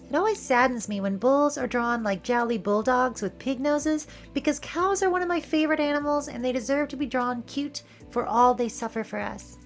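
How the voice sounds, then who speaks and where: A woman from California with a Valley Girl accent, hosting a playful, wry commentary over film clips. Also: sits high. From San Francisco area, California. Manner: playful, wry, joking asides. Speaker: video essay host.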